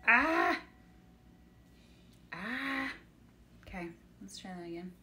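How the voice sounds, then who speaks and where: Against a noisy background, a woman with a high, sing-song voice runs a live-streamed energy healing session. Her breath guidance is slow and soothing, yet as she chats with viewers she swears bluntly.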